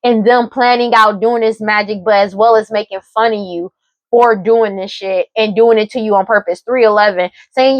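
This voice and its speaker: A woman's voice: on the high side, moderate pace, no room sound. Emphatic profane woman tarot reader. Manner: emphatic, profane, repetitive, laughs often. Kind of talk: casual tarot reading vlog.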